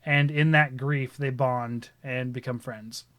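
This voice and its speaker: A man in his thirties hosting a live stream, chatting casually and telling animated family stories with frequent laughter. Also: medium pitch, slow, no echo. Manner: animated storyteller, laughs often. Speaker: stream host. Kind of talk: casual chat.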